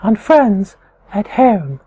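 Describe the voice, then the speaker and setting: A man putting on a posh falsetto princess. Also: big pitch swings, mellow, husky, heavily acted, low-quality recording. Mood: gracious. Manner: high falsetto, slow and posh. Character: posh young woman, a princess, gracious.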